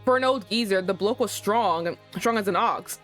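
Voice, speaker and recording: A woman voicing a rough male thief witness with a put-on Cockney accent, gruff and rambling. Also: medium pitch, moderate pace, fairly bright tone, soft background music, close to an everyday voice. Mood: nervous.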